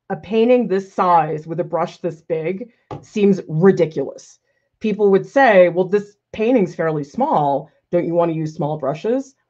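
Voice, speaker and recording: A woman art teacher talks through a live painting demo in a relaxed, self-critical way, laughing now and then as she answers viewers. Her voice sits on the low side, and the recording sounds slightly dull and lo-fi. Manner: casual, self-critical thinking aloud, laughs often. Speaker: art professor. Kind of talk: live painting demonstration with chat questions.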